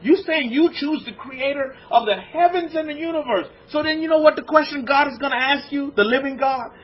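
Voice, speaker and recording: A man preaching a lecture-style sermon as a rabbi to his congregation, firing off rhetorical questions and swinging from loud exclamations to low, hushed lines. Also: a little fast. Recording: dull lo-fi recording.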